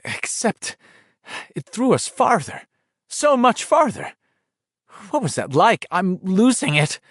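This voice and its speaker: A man's voice: sits high, very animated, slow pace, a bit bright, no echo, studio quality, voice pushed up, full character voice. A man voicing a desperate stammering man. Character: exhausted grown man shouting in dark tunnels.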